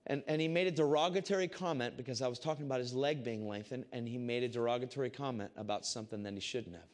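A man giving a casual, animated Christian testimony to a group. He swings between loud excitement and hushed intensity. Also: mid-range voice, fast talker. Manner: casual, repeats "I said" often. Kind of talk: testimony storytelling to a crowd.

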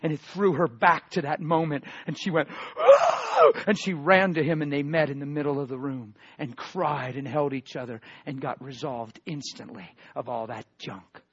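Husky preacher man swinging loud to hushed. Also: a little high, steady tone, moderate pace, hardly any pauses, no room sound, dull audio. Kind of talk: testimony sermon.

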